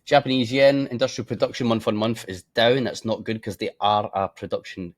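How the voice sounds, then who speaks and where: A man's voice: on the low side, steady tone, a little fast. A tired man giving casual, blunt market commentary as a forex trading presenter. He swears freely, keeps yawning and makes offhand asides.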